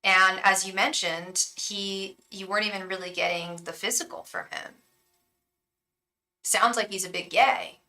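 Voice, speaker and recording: A woman's voice: mid-range voice, bright, forceful tone, distant mic, low-quality recording. A woman giving a live-streamed tarot reading, talking in a frank, chatty way and swearing casually. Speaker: tarot reader and psychic.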